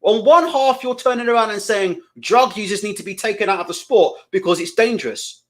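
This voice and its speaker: A man's voice: sits high, fairly quick. A man hosting live boxing commentary, ranting indignantly and profanely, hammering the same questions again and again.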